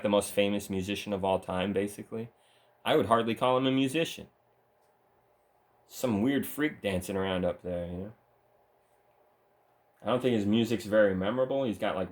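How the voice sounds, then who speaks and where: A man delivering a solo monologue, ranting with scorn and a lot of swearing. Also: on the low side. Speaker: channel host.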